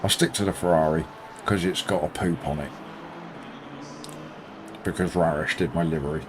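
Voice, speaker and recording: A man streaming a sim race, commenting live and bantering with viewers in an excitable, self-mocking way. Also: extremely low pitch, moderate pace. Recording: loud racing game engine noise behind.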